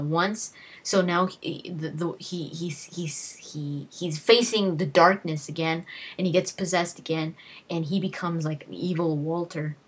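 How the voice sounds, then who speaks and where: A woman's voice: sits low, breathy edge. A woman hosting a gaming video, telling emotional stories in a casual, heartfelt way, with frequent restarts and acted-out exclamations. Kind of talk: casual talk to camera.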